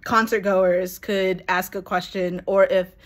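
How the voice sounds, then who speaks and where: A woman's voice: medium pitch, flat delivery, a little slow. Young woman gushing thru a rambly story, lots of ums and laughs, swears a bit. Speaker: vlogger. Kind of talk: excited casual storytelling.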